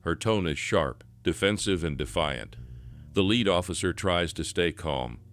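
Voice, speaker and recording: Deep-voiced male documentary narrator. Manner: even, measured storytelling.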